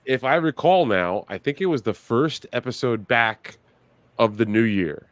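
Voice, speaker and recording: A man's voice: medium pitch, expressive, unhurried, no room sound. A man co-hosting a podcast, crude and wisecracking in casual chat. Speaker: podcast co-host.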